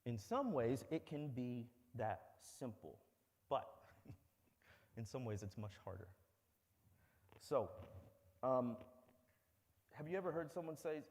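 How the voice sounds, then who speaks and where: A man's voice: medium pitch, very animated, takes it slowly, long pauses, a little mellow. A man giving a public talk, telling stories in a conversational, wry way. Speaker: speaker. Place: lecture hall. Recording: long hall reverb.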